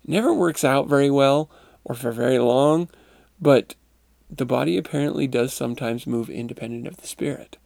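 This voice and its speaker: Gravelly, mellow-voiced man reading aloud. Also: medium pitch, no echo, clean studio sound. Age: adult parent. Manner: calm, measured reading; chuckling, conversational commentary. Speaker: narrator and podcast host. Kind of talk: reading a first-person account aloud, then commenting.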